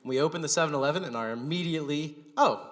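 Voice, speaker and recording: A man hosting a live stand-up show, telling a story in a wry, deadpan way. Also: on the high side, rapid-fire. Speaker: stand-up comedian and show host. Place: gallery venue with live audience. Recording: echoey gallery hall, long reverb.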